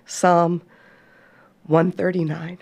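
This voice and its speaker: A woman podcast host with a lowish, darkish voice speaks very slowly with a flat delivery and vocal fry. She addresses listeners as folks, earnest and heartfelt, and reads scripture aloud.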